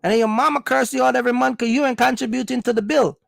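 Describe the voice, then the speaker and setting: A man's voice: very high-pitched, steady tone, rapid-fire, creaky, fairly bright tone, no echo. A man from Jamaica, giving a blunt, scolding opinion monologue. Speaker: vlogger.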